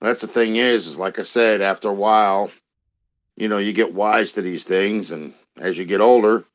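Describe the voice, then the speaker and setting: A man's voice: fairly low pitch, normal speed. An older man in a played clip, talking plainly and explaining his views, often adding "you know.". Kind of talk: casual talk.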